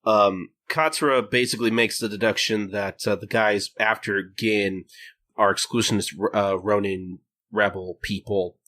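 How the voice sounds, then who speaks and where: A man co-hosting a casual podcast chat, recapping manga and breaking into quick acted character lines, laughing often. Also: lowish voice, steady tone, bright, forceful tone. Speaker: podcast co-host.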